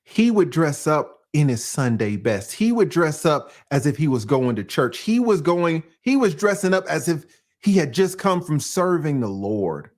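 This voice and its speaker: A man's voice: a little high, big pitch swings, a little slow, a little mellow. A man from Atlanta, hosting a casual, profane livestream commentary, often laughing. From Atlanta, USA. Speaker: YouTube commentary host.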